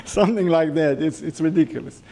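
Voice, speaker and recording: A male lecturer speaks to a class in a mellow, somewhat high voice. His delivery is conversational and informal, with jokey asides between points. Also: normal speed, vocal fry.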